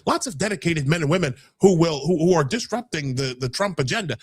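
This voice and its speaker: A man's voice: a little high, lively intonation, brisk, hardly any pauses, breathy edge. A man hosting a casual political talk show, heated and rambling, often repeating words as he builds his point. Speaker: podcast host.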